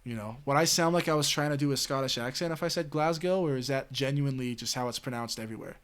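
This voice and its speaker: A man's voice: mid-range voice, quick pace, a bit bright, clear, resonant tone. Male streamer, Southwestern US. Casual, meandering chat with plenty of filler and cursing, mid-range voice. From Southwestern United States. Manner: rambling, full of "you know" and "like", swears freely.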